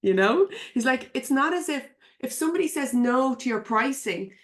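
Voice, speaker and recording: Irish lady coaching online, chatty and blunt, laughs a lot, voice on the higher side. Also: expressive, moderate pace. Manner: chatty and frank, laughs often, slangy and swears. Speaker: business coach. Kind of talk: live webinar coaching talk. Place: home office at her computer.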